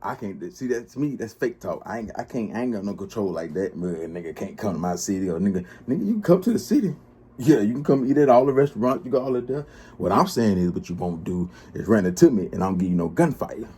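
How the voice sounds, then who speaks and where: A man hosts a casual livestream, trash-talking and laughing often. His voice is low and dark with a husky edge. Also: animated, fast talker. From Charlotte, US. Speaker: blogger and livestream host.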